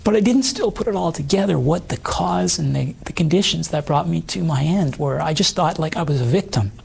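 A middle-aged man with a hoarse voice, giving an earnest personal testimony in an interview, halting with many fillers. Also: on the high side, animated, a little mellow. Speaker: guest.

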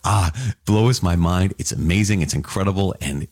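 Guy with a really deep husky voice getting all excited about scripture, dry close sound. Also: moderate pace, dry recording. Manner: excited and marveling, with casual asides. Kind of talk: enthusiastic scripture reflection.

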